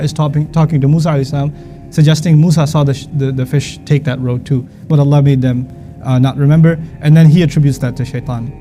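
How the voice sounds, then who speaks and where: A man teaching Quran commentary, reciting Arabic verses and explaining them in a conversational way with quick asides and restarts. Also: on the high side, warm tone.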